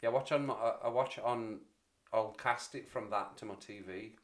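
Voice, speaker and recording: A man's voice: lowish voice, moderate pace. A man in his forties hosting a casual livestream chat, rambling and self-deprecating as he talks to viewers. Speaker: livestream host.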